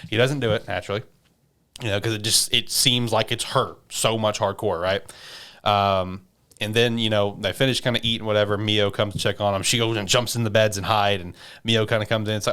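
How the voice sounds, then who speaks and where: Rambling man recapping an anime, low voice. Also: fairly even intonation, a little fast, fairly bright tone, smooth. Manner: rambling, filler-heavy storytelling with profanity. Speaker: podcast host. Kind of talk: casual recap of an anime episode.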